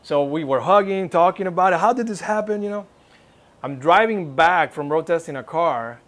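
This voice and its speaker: Urging his congregation on with earnest feeling, a man recounts his personal testimony at a church service and reenacts the dialogue. His fairly high voice is expressive and a bit bright, at a moderate pace.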